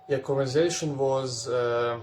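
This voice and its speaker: Man speaking slowly in an echoey room. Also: medium pitch, fairly even intonation, darkish tone, a little hiss or hum. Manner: slow, searching, with pauses and restarts. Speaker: spiritual teacher. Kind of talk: calm spiritual talk to viewers.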